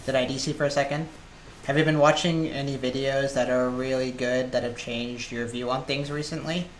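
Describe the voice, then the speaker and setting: A man's voice: mid-range voice, fairly even intonation, moderate pace. A man live-streaming a video game, chatting casually and thinking aloud with fillers as he plays. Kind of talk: casual live-stream chat while gaming. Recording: echoey room with loud background noise.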